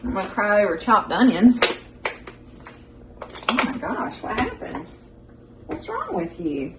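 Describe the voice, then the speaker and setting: A woman's voice: medium pitch, wildly swooping pitch, unhurried, very noisy. Chatty woman in an echoey kitchen. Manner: chatty, folksy, talks to viewers as "y'all". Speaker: cooking show host. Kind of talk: casual home cooking vlog. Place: home kitchen. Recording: echoey kitchen, mic far off, loud kitchen clatter. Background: dishes and pans clattering.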